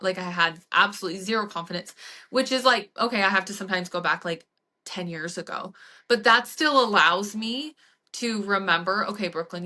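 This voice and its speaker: A woman fitness coach hosting a podcast, telling stories in casual chat with lots of "like" and acted-out quotes. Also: fairly low pitch. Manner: animated storytelling with frequent "like" and acted-out quotes.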